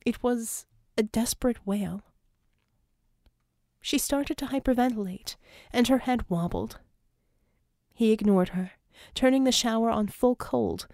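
A woman reads a tense story aloud with dramatic force, lifting to shouts and falling to breathy sobs as the characters demand. Her voice sits at a middle pitch, recorded close and dry with no room sound. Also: dry recording. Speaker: audiobook narrator. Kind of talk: scripted narration.

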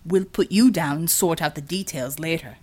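A woman's voice: deep voice, moderate pace, darkish tone, breathy edge, voice pushed down. A woman voicing a battered young man with a wry, dry humor. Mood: determined.

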